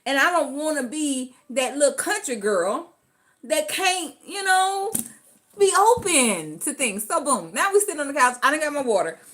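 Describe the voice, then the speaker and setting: A storyteller vlogger tells a tale casually yet dramatically, her high-pitched voice moving at normal speed. She's animated and theatrical, acting out the voices of the people in her story.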